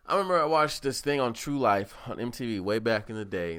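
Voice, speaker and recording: A man's voice: mid-range voice, animated, fairly quick, few pauses, a bit bright, clean tone, no room sound, studio quality. A man hosting a podcast, telling stories in a rambling, profane, casual monologue. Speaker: podcast host.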